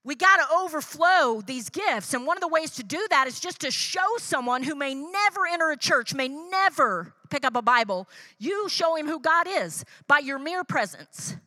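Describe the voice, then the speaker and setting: A woman preaches in a high-pitched, expressive voice that is bright and forceful, at a moderate pace, with no room sound. Her sermon is conversational and rooted in personal stories, punctuated by "right?" and by her acting out the dialogue she quotes.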